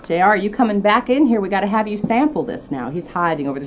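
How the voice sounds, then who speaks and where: A woman's voice: medium pitch, quick pace, background noise. A woman hosting a cooking show, demonstrating a dish in a chatty, enthusiastic way with light teasing.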